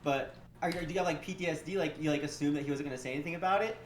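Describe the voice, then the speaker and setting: A man rambling defensively and excitedly in profane casual chat. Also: on the high side, racing, echoey room, slight background noise.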